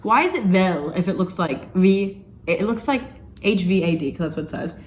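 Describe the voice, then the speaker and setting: Lowish in pitch with lively intonation and a moderate pace, this young vlog co-host chats casually at home, teasing playfully and laughing often. The recording is reverberant and carries slight background noise.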